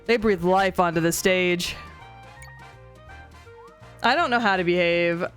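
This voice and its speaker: A young woman streaming a video game in a casual, animated way, giggling, swearing and reading dialogue aloud on a desk mic. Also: on the low side, takes it slowly. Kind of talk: casual let's-play commentary. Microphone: desk mic with webcam. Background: faint game music.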